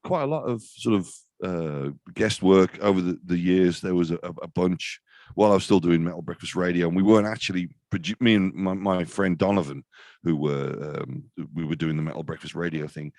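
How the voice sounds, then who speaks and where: Deep-voiced man in his fifties, rambling. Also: darkish tone, no echo. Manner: rambling, self-deprecating, many restarts. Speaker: guest, death metal vocalist. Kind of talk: casual interview chat.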